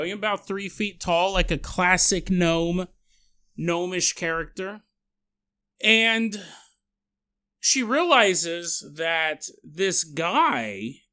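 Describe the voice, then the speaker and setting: A high-pitched man hosting a podcast tells a story in a casual, animated, jokey style, performing the sound effects and quotes himself.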